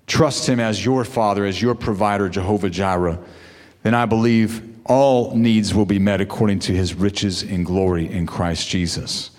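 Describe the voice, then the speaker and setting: A man's voice: on the low side, darkish tone. A male pastor preaching a sermon to fathers, with call-and-response asides to his congregation. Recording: long hall reverb.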